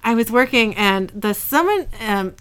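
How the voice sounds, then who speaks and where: A woman's voice: a little high, expressive, unhurried, a bit bright, clean tone. A woman co-hosting a casual podcast at home, retelling show scenes, reading lines plainly and laughing often. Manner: retells scenes, reads quotes in a plain voice, giggly. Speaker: podcast co-host recapping an episode. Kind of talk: casual chat and episode recap. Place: home room.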